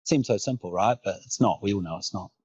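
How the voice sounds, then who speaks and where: A man speaking as a podcast guest, talking in a thoughtful, soft-spoken way. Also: lowish voice, fast talker, husky, dry recording, muffled recording. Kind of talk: casual reflective conversation.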